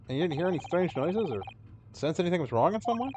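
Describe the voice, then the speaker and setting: Dude playing a story game on stream, reading lines aloud, super lively, noisy hiss behind. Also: male voice, sits high, quick pace, highs cut off. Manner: animated, self-deprecating.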